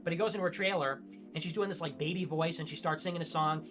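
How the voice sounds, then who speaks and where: A man co-hosting a livestream, retelling a stream at length in an animated way and mimicking people in high-pitched voices. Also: fast talker, soft background music. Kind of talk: livestream chat.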